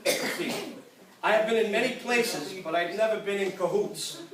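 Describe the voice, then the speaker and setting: High-voiced older man telling jokes from afar. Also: normal speed, a crowd in the background. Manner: laughs at own punchlines. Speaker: comedian at a church gathering. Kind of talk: stand-up joke telling. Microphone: phone camera across the room. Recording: echoey room, far from the mic, loud background noise.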